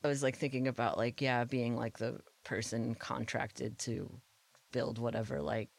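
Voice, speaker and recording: A woman's voice: extremely low pitch, fairly even intonation, moderate pace, vocal fry. A woman co-hosting a podcast in casual chat, laughing often and packing her talk with filler words and swearing. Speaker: podcast co-host.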